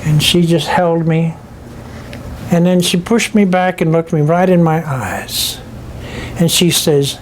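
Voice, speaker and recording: An older man, a spiritual speaker, telling a personal story to an audience in a slow, heartfelt, deliberate way. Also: a little high, a little hiss or hum.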